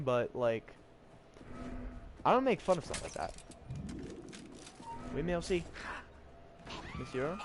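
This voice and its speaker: A young man streams gameplay, talking casually, reading riddles aloud, and joking in pretend French. His voice is medium in pitch, and background noise is present.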